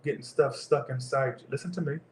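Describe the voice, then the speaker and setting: A man with a drawl reads tarot cards live in loose, profane, teasing banter, at a middling pitch for a man. His voice rings with a roomy echo. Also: brisk, slight background noise. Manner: crude, joking, profane banter. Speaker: tarot reader. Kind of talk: live tarot reading chat.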